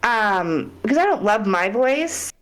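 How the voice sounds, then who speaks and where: A woman's voice: a little high, very animated, a little slow, a bit bright. A woman guest on a podcast, talking in a heartfelt, rambling way in casual interview chat.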